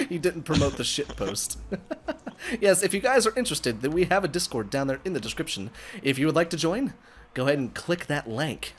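A young man streaming a game live with friends, excitable and profane, yelping and laughing as he plays and thanks viewers. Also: on the high side, normal speed, breathy edge. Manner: excitable, swears a lot, yelps and laughs. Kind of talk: casual gaming livestream chat.

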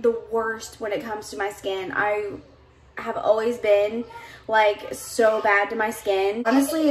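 A tired young woman with a drawl, chatting in a laid-back vlog and filling her talk with ums and likes. She speaks slowly in a slightly high voice, with a faint hiss of noise behind her. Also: echoey room. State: tired from staying up. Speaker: book vlogger. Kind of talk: casual vlog chat.

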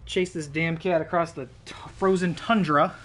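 A man's voice: fairly high pitch, fairly even intonation, normal speed, fairly bright tone. Rattled, cursing male game streamer. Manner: rattled, profane, rambling storytelling. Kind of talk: casual live-stream chat.

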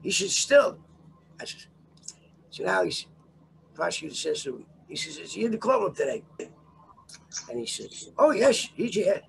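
Older male guest, profane storyteller, gravelly voice that leaps all over the place. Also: fairly high pitch, very animated, moderate pace, long pauses, a bit bright, a little hiss or hum. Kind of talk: storytelling in a casual interview.

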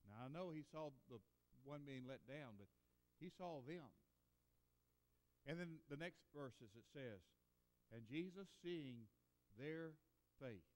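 A man preaching a Sunday sermon in a church, earnest and emphatic, moving between loud declarations and hushed lines. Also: mid-range voice, lively intonation, measured pace, big-room sound. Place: church sanctuary.

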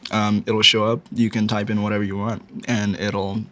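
A man's voice: on the low side, level tone, normal speed, fairly bright tone. A young man from Indonesia, a rapper guest in a casual interview, talking in a laid-back, slangy way and laughing often. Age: young adult.

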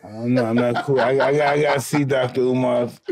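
A man's voice: medium pitch, fairly even intonation, brisk, a little mellow, breathy edge, no room sound. A man chatting casually as a podcast guest. He is earnest and asks a lot of questions. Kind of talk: casual chat.

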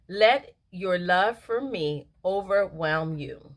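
A woman's voice: fairly low pitch, measured pace, pushed and bright. A middle-aged woman reading a daily devotional aloud and reflecting on it in a casual, earnest, emotional way, laughing easily. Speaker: devotional speaker.

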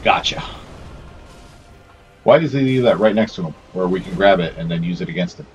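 A man's voice: low-pitched, expressive, a little fast, highs cut off, faint music behind. A man giving casual let's play commentary, swearing, scolding himself and talking to the characters on screen. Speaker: gameplay commentator.

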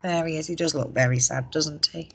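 A woman teacher reading a picture book aloud to children, expressive and asking them questions. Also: low-pitched, a little fast, gravelly, noisy background. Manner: expressive, asks the listeners questions. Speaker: primary school teacher. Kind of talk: storybook read-aloud for children.

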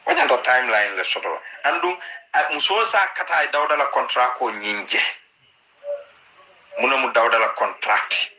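A man's voice: mid-range voice, expressive, moderate pace, sharp tone, poor audio. A Gambian man giving impassioned political commentary, repeating his points for emphasis. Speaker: political party activist.

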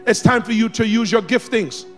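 A man preaching a sermon in a church, exhorting the congregation and swinging between loud shouts and quiet asides. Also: very high voice, normal speed, soft background music. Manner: exhorting, calls on the congregation to respond. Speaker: pastor. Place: church sanctuary.

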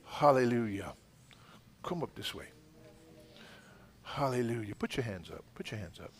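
A fervent middle-aged pastor leads healing prayer in a church. His voice is mid-pitched and commanding. He swings from loud shouted rebukes down to hushed murmurs. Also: animated, a little slow, slightly rough. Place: church sanctuary.

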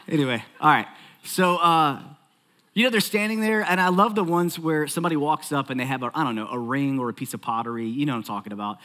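A man preaching a sermon in a church, conversational and animated, joking and acting out little asides. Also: a little high, brisk, pauses often. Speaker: pastor.

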